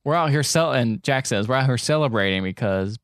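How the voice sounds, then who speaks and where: A man co-hosting a podcast, casually recapping a movie with plenty of swearing and quick voices for the characters. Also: mid-range voice, animated, smooth, dry recording, studio quality. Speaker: podcast co-host.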